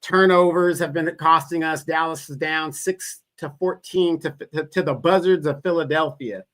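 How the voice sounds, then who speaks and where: Man guest with a somewhat high voice. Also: fairly even intonation, moderate pace, fairly bright tone. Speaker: panel guest. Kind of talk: casual chat.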